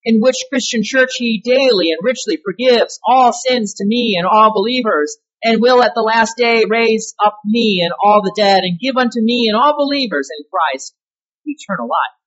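A woman's voice: on the high side, normal speed, muffled recording. A woman pastor preaching a sermon in an emphatic way, stressing key words and asking rhetorical questions.

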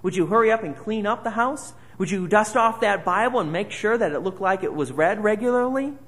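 A man's voice: high-pitched, a little fast, a bit bright. A man preaching a conversational sermon, asking his listeners many rhetorical questions. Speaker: pastor.

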